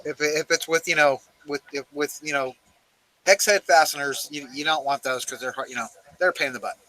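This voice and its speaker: A man's voice: fairly high pitch, fairly even intonation, brisk, pushed and bright, poor audio. A man who is a guest on a live stream, chatting casually, joking and rambling with many restarts. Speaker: guest artist.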